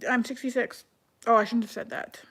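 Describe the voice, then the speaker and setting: A woman talks off the cuff on a live stream, answering viewer comments one after another. Her voice sits a little high, and her speech is loose and chatty, full of "like" and quick restarts. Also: fairly even intonation, a bit bright, slightly rough. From Canada. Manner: chatty, heavy use of "like", quick self-corrections. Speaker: livestreamer reading comments. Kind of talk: casual live-stream chat.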